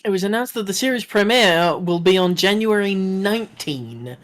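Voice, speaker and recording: A man's voice: sits high, animated, normal speed, fairly bright tone. Rambling Australian man co-streamer. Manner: rambling, many fillers. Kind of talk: casual chat on a game stream.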